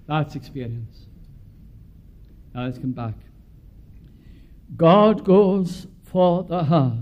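A man from Wales preaching a sermon earnestly, swelling from quiet musings to fervent prayer. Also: a little high, lively intonation, slow, long pauses. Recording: dull lo-fi recording.

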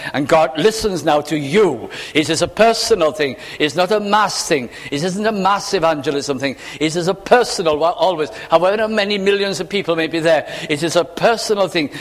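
A man's voice: high voice, long reverb tail. A man preaching a sermon, earnest, acting out quotes and drawing out key phrases.

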